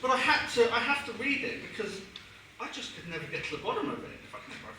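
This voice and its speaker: A young man doing a stand-up comedy set in a club, telling deadpan, sardonic stories laced with swearing. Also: extremely high pitch, quick pace, distant mic. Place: comedy club, live audience. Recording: echoey club recording from afar, audience noise.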